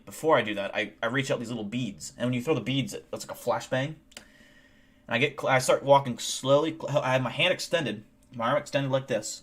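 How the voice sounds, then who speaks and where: A man's voice: mid-range voice, a bit bright. A young man streaming live, chatting casually and telling a rambling, profane, boastful story.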